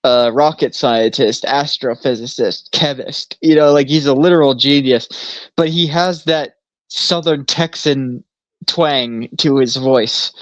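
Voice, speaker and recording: A man's voice: medium pitch, measured pace, dry recording. A man co-hosting a casual podcast, telling rambling stories full of fillers and swearing. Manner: rambling storyteller, swears freely, lots of fillers. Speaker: podcast co-host. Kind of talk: casual chat. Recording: dull lo-fi sound.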